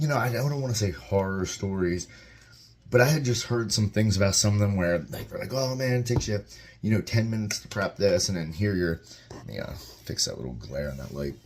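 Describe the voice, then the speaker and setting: Upbeat deep-voiced man chatting while eating. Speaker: vlogger reviewing a meal. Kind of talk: casual vlog chat. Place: home kitchen. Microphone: camera mic, propped-up phone without tripod.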